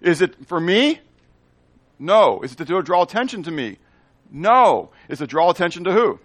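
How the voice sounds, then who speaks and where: Male pastor, sermon delivery, higher voice, dry close sound; quizzes the congregation and answers his own questions. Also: moderate pace, no echo. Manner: animated, asks the congregation questions and answers them; playful asides in made-up words.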